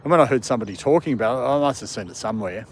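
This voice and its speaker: A man's voice: medium pitch, animated, very fast, a little hiss or hum. A man with an Australian British accent hosting a casual live stream from an outdoor park on his phone, rambling and chuckling as he chats with viewers and his dogs.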